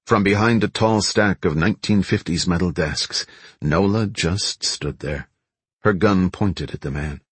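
In a dry recording, a male audiobook narrator with a deep, husky voice delivers scripted narration. His storytelling is steady and measured.

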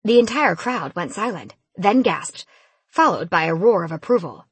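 Expressive woman narrator for a first-person fantasy audiobook, husky tone, animated pitch. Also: moderate pace, dry recording. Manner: expressive, lively storytelling.

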